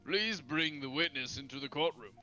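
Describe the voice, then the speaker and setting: A playful man on a live game stream, reading courtroom lines aloud and laughing often. His voice is bright and lively, pitched a little high. Faint music plays under him. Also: normal speed, dull audio.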